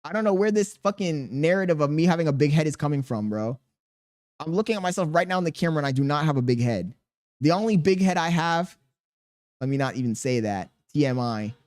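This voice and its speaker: A man's voice: fairly high pitch, expressive, fast, darkish tone. A man in his thirties streaming live, reading viewers' chat aloud and answering with crude jokes and laughter. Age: 30s.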